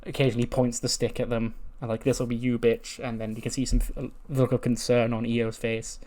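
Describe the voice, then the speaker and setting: A man's voice: medium pitch, little pitch movement, brisk, darkish tone. A man hosting a game playthrough, giving crude, joking casual commentary. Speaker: gaming video host.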